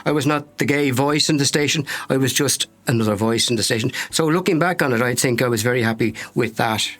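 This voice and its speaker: A man's voice: mid-range voice, a little fast, a bit bright. Reflective man. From Ireland. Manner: thoughtful, sincere and reflective. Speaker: former radio presenter.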